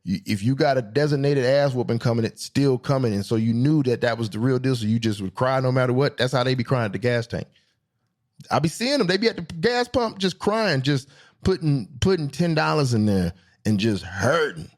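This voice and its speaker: A young man rambles through a casual vlog story with lively, bouncing pitch. He is slangy and profane, leaping up into squeaky highs for a punchline and then dropping to a low mutter. His voice sits in an ordinary middle range. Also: fairly quick. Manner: animated, swings from high squeals to low mutters for comic effect. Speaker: vlogger.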